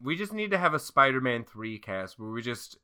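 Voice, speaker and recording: Podcast co-host, young man, very bright and clear voice, loose and jokey. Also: mid-range voice, very animated, a little fast. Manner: laughing, swearing, mimicking movie lines. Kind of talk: casual chat.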